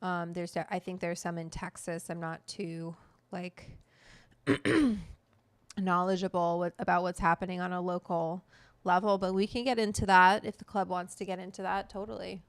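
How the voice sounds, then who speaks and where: Middle-aged woman host, smooth and dry up close; blunt, profane, fired-up livestream chat. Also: fairly low pitch, flat delivery, normal speed, no echo. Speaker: cooking show host.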